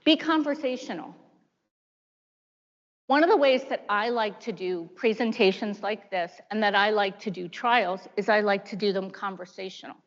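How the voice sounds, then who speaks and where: A woman in her fifties, a prosecutor, giving a chatty seminar talk full of lively asides. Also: mid-range voice, moderate pace. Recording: dull lo-fi sound in a large hall.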